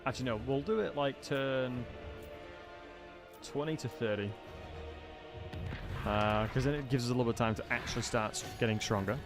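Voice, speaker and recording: A man's voice: medium pitch, normal speed, pauses often, over music. A man with a non-southern English accent chats casually on a live game stream, greeting viewers by name between bursts of commentary. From England. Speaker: gaming livestreamer.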